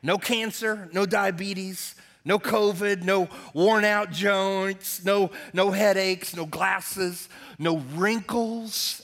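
A man's voice: high voice, a little slow, fairly bright tone. A male pastor giving a sermon in a folksy, chatty way, joking with the congregation. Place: church service.

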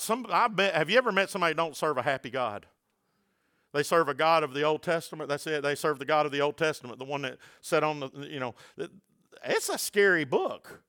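A middle-aged male pastor delivers a sermon in a high, ringing, bright voice. He surges into loud, passionate declarations, then drops to hushed, low asides. Between passages he jokes playfully with his congregation.

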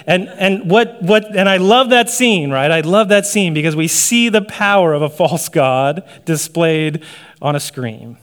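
A man's voice: high-pitched, unhurried, a bit bright. A man preaching a sermon in a conversational way, often checking in with "right?" and laughing lightly. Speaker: pastor.

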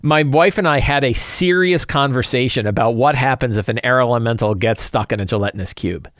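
A man's voice: medium pitch, fairly quick, fairly bright tone, no echo, studio quality. A man preparing his tabletop game session, rambling with many restarts in casual talk. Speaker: game master.

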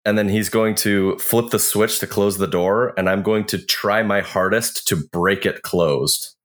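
A man with a low voice playing in a tabletop game. He is laid-back and teasing as he describes his rogue's moves. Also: steady tone, measured pace, a bit bright. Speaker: player. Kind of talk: casual tabletop game play.

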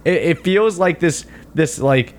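A man in a casual film chat, rambling in an animated and exasperated way. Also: a little high, measured pace.

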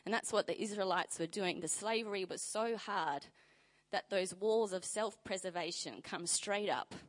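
A woman preaching a sermon in a conversational way, reading scripture aloud with lively emphasis. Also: medium pitch, moderate pace.

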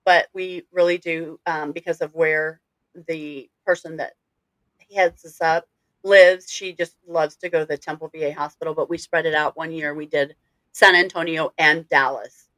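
A woman's voice: deep voice, fairly even intonation, normal speed, fairly bright tone, no echo, rough recording. A middle-aged woman co-hosting a podcast, chatting casually and rambling with many fillers. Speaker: podcast co-host. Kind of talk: casual chat.

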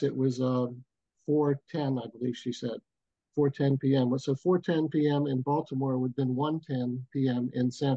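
An older man, a booking agent, telling a personal story in an interview in an unhurried, reflective way with many pauses, over a video call from home. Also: medium pitch, dark tone, dry recording, highs cut off. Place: home, bridge view behind.

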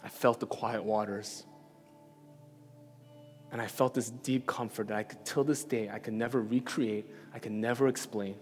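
A man's voice: lowish voice, steady tone, moderate pace. A man giving a sermon, telling a personal story in a casual, conversational way and often checking in with "right?". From New York. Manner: conversational, self-deprecating storytelling with frequent "right?". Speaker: preacher. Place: church hall. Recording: reverberant hall with soft music.

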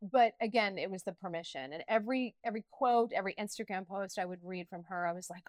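A middle-aged woman speaking candidly as an interview guest, animated and emotional, with frequent restarts and laughter. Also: medium pitch, fairly quick, no echo. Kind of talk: candid personal interview talk.

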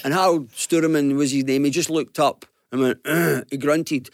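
A man from Glasgow with a Glaswegian Scottish accent, telling a business anecdote on a radio show with lively acted-out quotes. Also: fairly high pitch, moderate pace, no echo, clean studio sound. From Glasgow, Scotland. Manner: lively storyteller, acts out quotes, chuckles. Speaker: business guest panellist.

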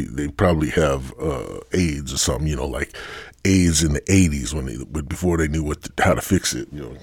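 A man's voice: extremely low pitch, breathy edge, dry recording, studio quality. A male podcast host rambling bluntly through a profane solo rant. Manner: rambling, heavy swearing, blunt.

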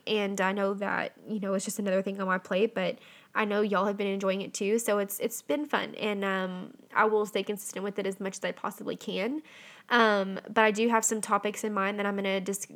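A young woman hosting a casual solo podcast, chatty and full of "um" and "like". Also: medium pitch. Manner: chatty, heavy on fillers like "um" and "like". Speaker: podcast host.

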